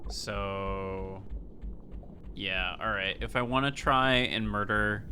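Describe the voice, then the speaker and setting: A man streaming a game, casually talking through his play in a relaxed, musing way. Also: lowish voice, takes it slowly. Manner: relaxed, musing, talks while playing. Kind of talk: casual gameplay commentary. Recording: noticeable background noise.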